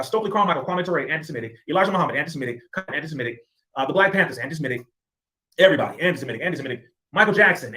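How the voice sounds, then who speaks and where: A man's voice: a little high, fairly bright tone. A man giving an impassioned address to camera, emphatic, sarcastic and repetitive. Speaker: commentator.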